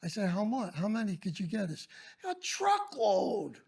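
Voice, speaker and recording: An older man, a former teacher, telling animated stories in casual chat and raising his voice when he quotes people. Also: high voice, quick pace, creaky, slightly rough. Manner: animated, raises voice for quoted lines. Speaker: former schoolteacher guest. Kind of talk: casual storytelling.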